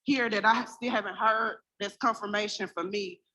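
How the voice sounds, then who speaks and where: A woman's voice: mid-range voice, steady tone, normal speed, bright, forceful tone. A woman from South Carolina, an event attendee, telling an earnest, chatty story to a live audience.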